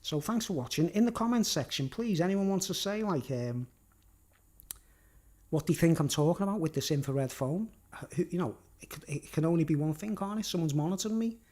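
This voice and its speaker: Rambling through a live-stream monologue, this Scouse-accented man laughs a lot and keeps asking "you know what I mean?". His voice sits on the high side, warm and expressive, moving a little fast.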